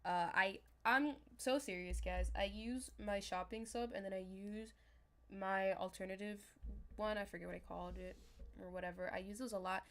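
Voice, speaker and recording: A young woman chatting casually on a livestream as a manifestation coach, talking straight to her viewers in a loose, animated way. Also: mid-range voice, normal speed. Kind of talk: casual livestream talk to chat.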